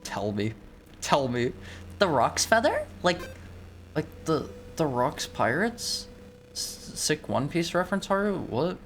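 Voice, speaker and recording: Low-voiced young woman streaming a game. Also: sing-song, unhurried, a little hiss or hum. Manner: rambling, stumbles and repeats words. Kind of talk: casual let's-play commentary.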